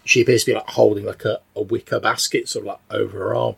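A man's voice: fairly low pitch, little pitch movement, fast talker, gravelly, a bit bright, breathy edge. A man as game master, narrating a tabletop game in a loose, casual way full of fillers.

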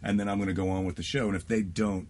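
Low-voiced comedian guy telling stories, acts out the bits, faint noise behind. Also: little pitch movement, racing, a little mellow. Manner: storytelling, acts out quoted lines. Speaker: stand-up comedian guest. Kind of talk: casual chat.

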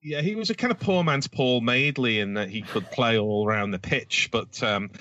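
A man's voice: medium pitch, moderate pace, sharp tone, no room sound, muffled recording. A man co-hosting a casual football podcast, talking at length with frequent ums and restarts. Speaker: podcast co-host.

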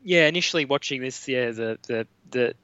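A man's voice: medium pitch, fairly quick, pushed and bright, clean tone, no echo, dull audio. A man with an Australian accent, a podcast guest, talking through film opinions with many fillers and restarts. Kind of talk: casual film discussion.

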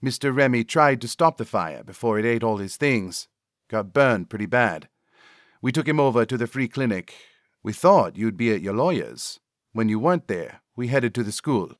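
A man's voice: mid-range voice, animated, moderate pace, no echo, clean studio sound, close to an everyday voice. A man voicing an earnest, worried young woman. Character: worried young woman cousin, a caring mother.

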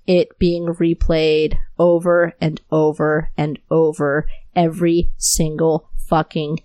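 A woman hosts a solo podcast and rants into her new mic, furious and unfiltered, with curses scattered all through her talk. Her voice sits on the low side for a woman, and the recording is dry and close. She speaks fervently and directly. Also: flat delivery, slow pace, warm tone, dry recording. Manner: angry, profane, impassioned. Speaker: podcast host.

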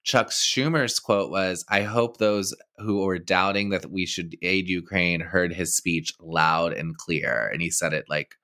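A man's voice: sits low, unhurried, hardly any pauses, pushed and bright. A man co-hosting a podcast, sarcastic and often laughing as he reads out quotes in casual banter. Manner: sarcastic, laughs while reading quotes aloud. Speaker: podcast co-host.

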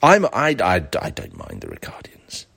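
A man's voice: low-pitched, wildly swooping pitch, moderate pace, gravelly, fairly bright tone, slightly rough. A man hosting a solo podcast, rambling and digressive with a sarcastic edge. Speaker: podcast host. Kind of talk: casual solo podcast monologue.

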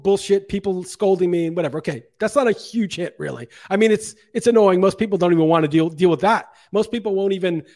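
Fast, high-voiced man ranting heatedly. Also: darkish tone. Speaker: podcast co-host. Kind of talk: casual podcast chat.

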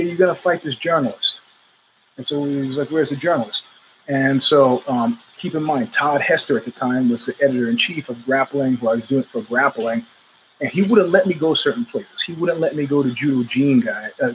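A man's voice: mid-range voice, a little hiss or hum, low-quality recording. A middle-aged man hosting his own show, telling a long story in a casual, rambling way with restarts and asides. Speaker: show host.

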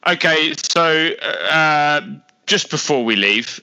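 A man with a British accent co-hosting a political podcast, animated and teasing, who laughs often. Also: on the high side, takes it slowly, poor audio. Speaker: podcast co-host. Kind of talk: casual political chat.

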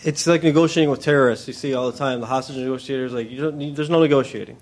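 A man's voice: medium pitch, rapid-fire, a little hiss or hum. A man in the audience answering casually from away from the microphone. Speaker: audience member.

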